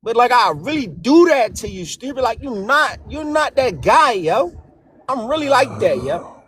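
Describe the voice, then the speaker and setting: Brash, high-pitched man trash-talking. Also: very animated, normal speed, a bit bright, slight background noise. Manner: brash, taunting, repeats "yo" and insults constantly. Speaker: friend in group voice chat.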